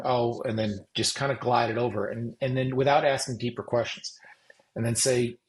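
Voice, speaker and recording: A man's voice: medium pitch, rough recording. Middle-aged man acting out coaching talks. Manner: acts out coach-client dialogues in quick back-and-forth. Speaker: fitness coach, podcast guest. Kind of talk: podcast interview.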